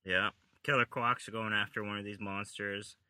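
A man's voice: fairly low pitch, fairly even intonation, normal speed, sharp tone, clean tone, no room sound. A man chatting about a comic book with a friend, joking, swearing and trying out silly voices. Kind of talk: casual comic book chat.

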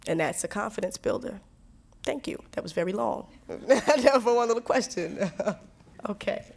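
A woman in her twenties from New Jersey, a guest musician answering questions with animated storytelling and frequent laughs. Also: medium pitch, normal speed, vocal fry. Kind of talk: candid Q and A answers.

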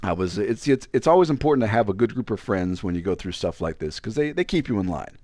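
A man from Virginia spins a rambling personal story, poking fun at himself and restarting his sentences as he goes. His voice sits low but swings widely in pitch. The sound is dry and close, with almost no room echo. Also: lively intonation, quick pace, darkish tone. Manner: rambling, self-deprecating, frequent restarts. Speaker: podcast co-host. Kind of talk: casual storytelling chat.

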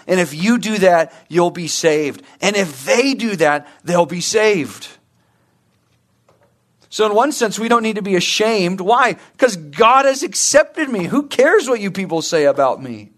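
A man's voice: a little high, a bit bright. A man preaching a sermon, earnest and direct, asking the congregation rhetorical questions and repeating words for emphasis. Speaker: pastor.

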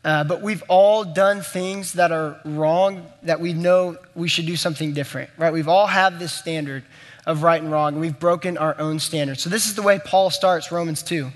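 A man's voice: fairly high pitch, steady tone, normal speed. A young man preaching, telling a personal story in a conversational, earnest way and speaking straight to the room. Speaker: pastor. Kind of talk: sermon storytelling. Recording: long hall reverb.

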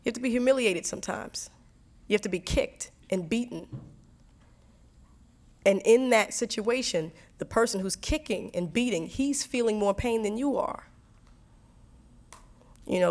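An earnest woman from New Jersey speaks in a reflective, conversational way, often restarting her sentences and laughing between thoughts. Her voice sits at a middling pitch, and she sounds like an artist sitting for an interview. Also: normal speed, pauses often, a little mellow. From New Jersey, USA. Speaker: interviewee, singer and songwriter.

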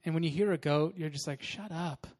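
A man's voice: on the high side, fast. Casual, upbeat man preaching a sermon. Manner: casual, animated storytelling with laughs. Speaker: pastor.

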